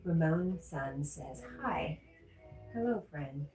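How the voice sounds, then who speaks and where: Woman streamer, mellow low voice, casual comment-reading host, often laughing. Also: lively intonation, takes it slowly. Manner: chatty, laughs often, reads chat aloud. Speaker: livestream host. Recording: roomy echo with faint music.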